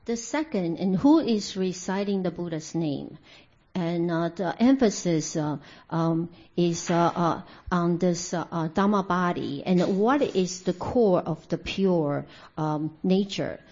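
A woman with a dark, mellow voice renders a meditation teaching into English, stopping often to search for words. The sound is dull and lo-fi. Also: fairly low pitch, takes it slowly. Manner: hesitant, many fillers and restarts. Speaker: interpreter. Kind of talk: consecutive interpreting of a dharma talk. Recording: dull lo-fi recording.

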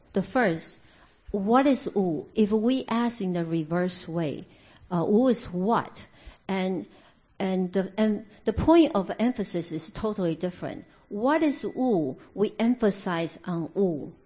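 Woman, mellow dark voice, interpreter, hesitant, many fillers, dull lo-fi recording. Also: medium pitch, slow pace. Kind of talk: consecutive interpreting of a dharma talk.

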